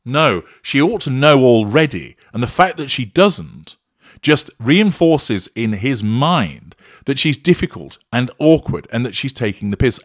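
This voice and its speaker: A man narrating a clinical, measured analysis of a recorded argument, naming each tactic as he goes. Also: mid-range voice. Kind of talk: analytical voice-over commentary.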